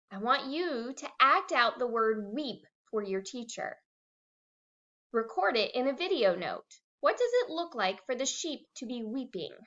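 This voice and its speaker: A woman teacher giving a recorded reading lesson for young children, acting out words as she goes. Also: on the high side. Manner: animated, acts out words. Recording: dull lo-fi recording.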